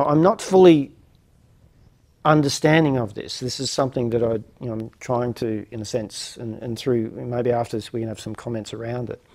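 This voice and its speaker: Guy with a gravelly voice giving a reflective talk, lots of ums and restarts. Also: medium pitch, a little mellow. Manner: musing, hesitant, with many fillers and restarts. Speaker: host of a non-duality lecture series. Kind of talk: reflective spoken lecture.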